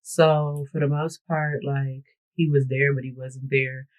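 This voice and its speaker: A woman's voice: very deep voice, little pitch movement, measured pace, darkish tone, poor audio. A woman vlogger chatting bluntly and profanely through a storytime while she does her makeup and hair. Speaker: beauty vlogger. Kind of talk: get-ready-with-me storytime chat.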